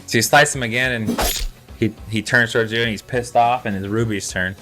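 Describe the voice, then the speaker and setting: A man narrating a tabletop game as game master in a casual, halting way, swearing freely. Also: mid-range voice, steady tone, over music.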